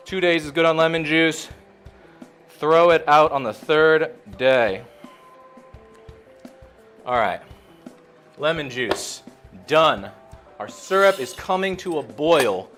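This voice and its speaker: A bartender with a fairly high, somewhat bright voice chats casually while mixing a cocktail. He's laid-back and talkative, frequently saying "man" during this easygoing drink-making demo.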